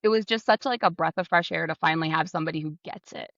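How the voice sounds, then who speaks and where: A woman with a Connecticut accent, talking through a chatty podcast conversation and leaning on "like". Her voice sits a bit low. The mic sounds dull and lo-fi, close and dry. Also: quick pace, vocal fry, fairly bright tone, no echo. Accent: Connecticut, New England. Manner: chatty, leans on "like". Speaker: podcast co-host, travel advisor. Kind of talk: casual podcast chat.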